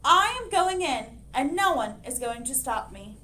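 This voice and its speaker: A woman voicing a bold, determined little farm hen in a storybook reading, squawking her lines high and loud. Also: sing-song, unhurried, a little hiss or hum, full character voice. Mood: bored, eager.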